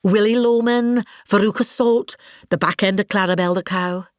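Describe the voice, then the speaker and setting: A woman's voice: mid-range voice, fairly even intonation, normal speed, no echo, clean studio sound, lightly acted. A woman with a Scottish accent playing a vain, grandiose older actress in a scripted comic monologue, pompous and gossipy. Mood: grand.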